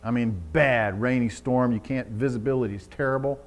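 A male preacher with a middle-range voice delivers a sermon in an easy, talky manner. He acts out little scenes with quoted voices and swells into loud, urgent emphasis at key points. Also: medium pitch, fairly even intonation, fairly quick.

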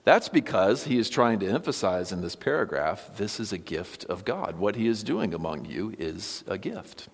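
A man's voice: on the low side, big pitch swings, moderate pace, vocal fry, hardly any pauses, long reverb tail. A man giving a conversational sermon as pastor, often checking in with the congregation. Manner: conversational, asks listeners for agreement. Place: church sanctuary.

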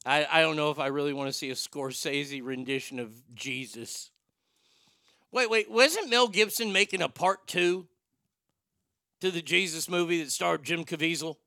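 A man hosts a talk show with loose, joking, irreverent banter. His voice is gravelly and bright, with a crisp, clean tone. The sound is dry and close. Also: on the high side, moderate pace, no echo. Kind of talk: casual comedic banter.

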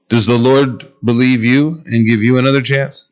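A man's voice: medium pitch, steady tone, measured pace, muffled recording. A man preaching a conversational sermon on love and forgiveness, joking and chuckling as he goes. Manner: conversational, humorous, chuckles often.

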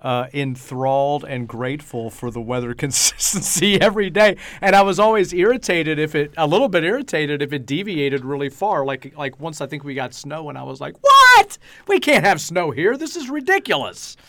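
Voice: medium pitch, fairly quick, hardly any pauses, a little hiss or hum. A podcast co-host from the eastern US, trading jokey, mock-outraged banter in a casual chat.

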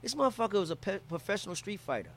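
A man's voice: high voice, big pitch swings, racing, fairly bright tone. A man from Philadelphia telling a travel story in casual, profane talk, acting out quotes from people he met.

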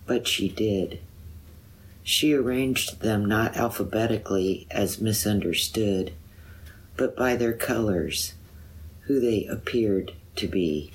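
A woman reading her own poem aloud in a measured, deliberate way. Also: very deep voice, slightly rough. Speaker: poet. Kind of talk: poetry reading.

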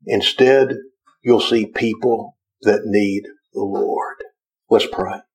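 A man preaching a sermon as pastor, with slow, deliberate delivery and earnest pleas to the congregation. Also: fairly low pitch, steady tone, darkish tone, poor audio.

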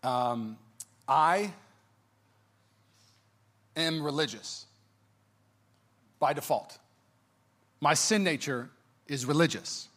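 High, bright and full of energy, this thirties-aged pastor's voice carries a sermon built on his own life stories. He jokes with the congregation and, in an animated manner, slips into exaggerated high-pitched voices to act out what people said.

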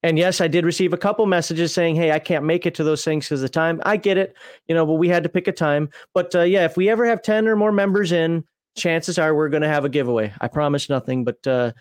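A man hosting a live stream, chatting casually with jokes and quick asides. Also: fairly high pitch, no room sound, clean studio sound. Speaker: podcast host.

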